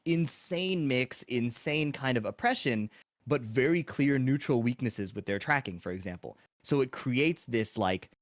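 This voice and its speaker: A man on a panel giving a measured, thoughtful analysis, with frequent filler words. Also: mid-range voice, no echo, studio quality. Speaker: panel guest.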